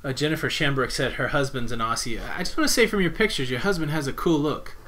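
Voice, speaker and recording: A young man co-hosts a casual live stream, his voice bright and forceful. He chats loosely with plenty of "uh" fillers, reads out viewer comments and greets people as they join. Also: on the high side, quick pace, a little hiss or hum.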